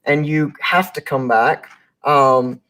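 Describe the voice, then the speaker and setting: An effusive, encouraging podcast host wraps up a live show, speaking straight to the audience. The voice sits at a middling pitch. It comes over a video call. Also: steady tone, slow, fairly bright tone.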